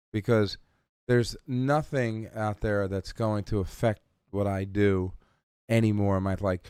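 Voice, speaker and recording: A man's voice: fairly low pitch, clear, resonant tone, dry recording, studio quality. A man hosting a podcast, talking casually and with emphasis, often checking in with the listener. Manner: animated and emphatic, often tags "okay?". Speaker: podcast host. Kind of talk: motivational casual talk.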